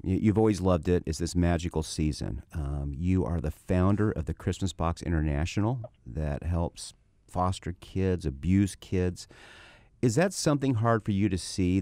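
Deep-voiced male host, dry studio sound. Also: warm tone, no room sound. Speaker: radio show host. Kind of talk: interview questions.

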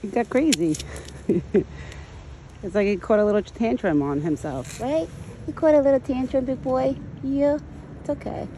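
Woman doting on her pet, lively voice. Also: on the high side, normal speed, a little hiss or hum. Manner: doting baby talk to an animal, laughing often. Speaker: deer owner filming her pet. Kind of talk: casual vlog narration. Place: outdoors among trees.

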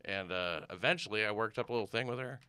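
This American comedian guest talks fast in a lowish voice with a sharp, clean tone and no room sound. Chatting casually, he meanders through stories, restarting often and trailing off into fillers.

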